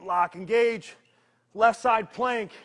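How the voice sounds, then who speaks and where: A man leading a live workout, energetic and joking, counting down reps while he strains through the exercises himself. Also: high voice, slow pace. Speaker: fitness trainer.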